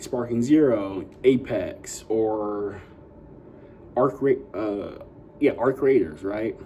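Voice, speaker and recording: A young man talks straight to his viewers in a loose, rambling vlog, leaning on fillers as he hypes them up. His voice sits mid-range with a relaxed, mellow tone. A faint hiss of noise sits behind him. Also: medium pitch, rough recording. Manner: rambling, full of "you know" and "like" fillers; upbeat hype talk to viewers. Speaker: YouTuber. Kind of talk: casual vlog chat.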